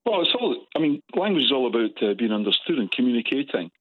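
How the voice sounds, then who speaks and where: A man's voice: mid-range voice, very animated, fast, no echo. Older Scottish man on a tinny phone line. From Scotland. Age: 70s. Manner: opinionated, forthright. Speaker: caller. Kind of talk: phone-in call.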